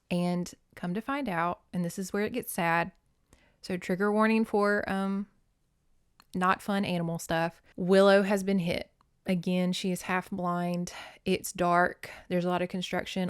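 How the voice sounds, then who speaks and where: A woman hosting a podcast, reading a children's novel aloud and commenting in a casual, expressive way with swearing. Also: on the low side, clean tone, dry recording, studio quality. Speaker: podcast host.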